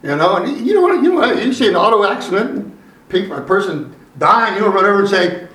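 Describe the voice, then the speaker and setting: A man preaching a sermon in a loose, conversational way, slowing down and lifting his voice to drive points home. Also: sits high, lively intonation, fairly bright tone. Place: church sanctuary. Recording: echoey room, voice from a distance.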